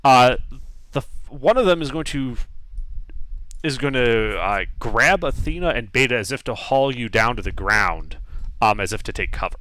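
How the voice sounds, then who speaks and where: A man's voice: medium pitch, animated, moderate pace, bright, forceful tone, no room sound. A man narrating as game master for a tabletop game, talking with many fillers and restarts.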